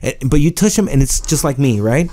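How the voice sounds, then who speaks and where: A man hosting a podcast in casual chat, thinking out loud and tagging his sentences with "right?". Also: mid-range voice, animated, fairly quick.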